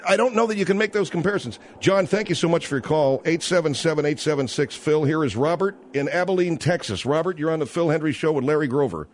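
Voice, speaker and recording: A man's voice: a little high, fast, few pauses. A man hosting a radio call-in show, stepping in to moderate and taking the next call. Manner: jumps in to moderate, takes calls. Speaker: radio talk show host.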